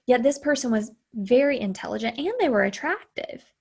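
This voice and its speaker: A woman's voice: a little high, lively intonation, moderate pace, gravelly, husky. A woman hosting a podcast, speaking candidly and reflectively in a casual conversation. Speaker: podcast host.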